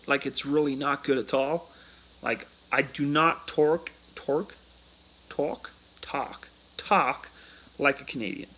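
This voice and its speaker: A chatty British man hosts a casual livestream and answers viewer questions into a phone. His voice is bright and forceful. It sits slightly high for a man. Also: poor audio. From United Kingdom. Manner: chatty, reads out chat questions then answers. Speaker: livestream host.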